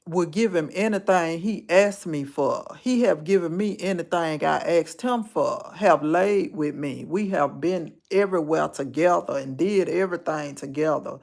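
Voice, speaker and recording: A woman's voice: fairly low pitch, creaky, darkish tone. A woman hosting a live stream, casually telling her viewers a personal story and repeating phrases for emphasis.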